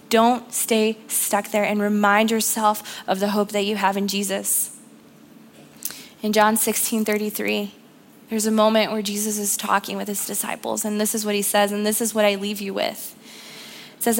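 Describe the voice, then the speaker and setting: A woman's voice: medium pitch, little pitch movement, normal speed, slight background noise. A young woman giving an earnest, encouraging sermon in church, repeating phrases for emphasis. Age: young adult. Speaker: youth speaker giving the sermon.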